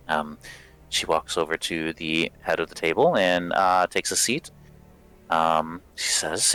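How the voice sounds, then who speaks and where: A man's voice: low-pitched, steady tone, measured pace, bright, forceful tone, clean tone, soft background music. A man narrating as game master of a tabletop game, in a casual, rambling way with many fillers.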